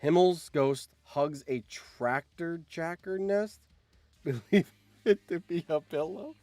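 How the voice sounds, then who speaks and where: A young man streaming, reacting to a game, excitable and swearing, with sudden shouts. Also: a little high, takes it slowly, dry recording.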